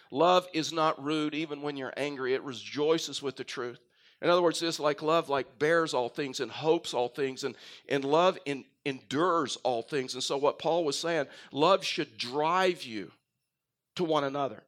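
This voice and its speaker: A middle-aged man from Texas, a pastor preaching a sermon with a faint Texan accent, telling stories and swinging between loud emphasis and quiet asides. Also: fairly high pitch. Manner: storytelling, rises and drops in volume for emphasis.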